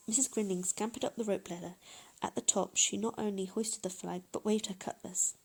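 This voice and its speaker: A woman reading a children's picture book aloud in a gentle, expressive way. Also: medium pitch, fairly quick, gravelly, husky. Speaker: storyteller. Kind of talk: children's story read-aloud.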